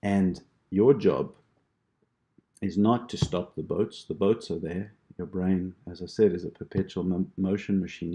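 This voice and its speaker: A man teaching a prayer practice, explaining it gently and reassuringly with imagery. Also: deep voice. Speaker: meditation teacher. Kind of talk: instructional talk on prayer practice.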